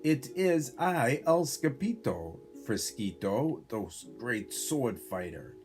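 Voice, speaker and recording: A man voicing an excitable boy kitten who pretends to be a Chihuahua hero, with a put-on Spanish accent and loud sing-song chants. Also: medium pitch, takes it slowly, faint music behind, voice pushed up. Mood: boastful.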